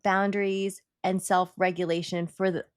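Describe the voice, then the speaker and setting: Calm, reassuring co-host in a dry room. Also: female voice, lowish voice, no room sound. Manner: measured and reassuring, reads out reframes. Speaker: podcast co-host. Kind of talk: casual chat.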